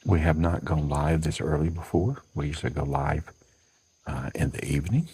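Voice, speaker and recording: A man's voice: very deep voice, normal speed, dark tone, breathy edge, poor audio. A man with a Southern US accent hosting a casual livestream from a porch at dawn, chatting and greeting viewers by name. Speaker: livestream host.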